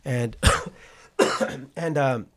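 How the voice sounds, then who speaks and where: This man in his forties, from Patterson, California, speaks very slowly in a mid-range voice. As a podcast guest in a casual interview, he tells a story with animation, acting out what people said and often asking "right?"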